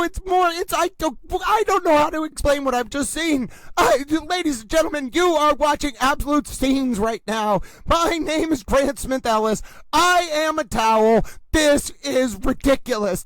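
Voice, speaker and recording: Man, very high voice, live reaction host, theatrical, boxing-announcer shouting, dry close sound. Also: no echo. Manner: theatrical, over-the-top exclamations; repeats catchphrases, addresses viewers directly. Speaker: host, trial commentator.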